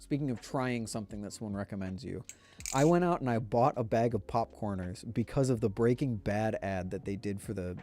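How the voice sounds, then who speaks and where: A man's voice: fairly low pitch, brisk, mellow, faint music behind. A man chatting casually on a live stream, rambling in a laid-back way and speaking straight to his viewers. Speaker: livestreamer.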